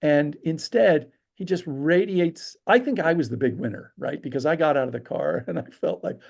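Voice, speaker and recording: A man telling stories as a podcast interview guest, animated and acting out the people he quotes. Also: a little high, normal speed, vocal fry. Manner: animated storyteller, acts out quotes. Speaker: storyteller guest. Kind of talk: casual interview chat.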